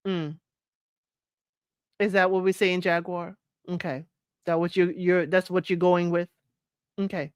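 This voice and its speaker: Her voice is low-ish, clear, and resonant, delivered flatly, a little slowly, with long pauses. She hosts a dating-show recap livestream, talking casually with chat viewers, greeting them, laughing often, and repeating opinionated points for emphasis. The recording is dry and clean, from a studio.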